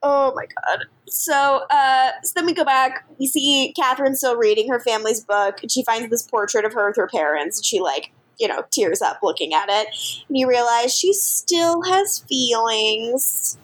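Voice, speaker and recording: A woman co-hosting a podcast recaps a TV episode in giggly, casual chat, acting out quotes from the scenes. Her voice is fairly high and animated, at a moderate pace. The recording is rough.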